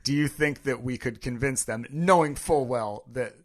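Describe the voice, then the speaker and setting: Male podcast co-host, even middle pitch, wry teasing delivery. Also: normal speed. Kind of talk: casual chat.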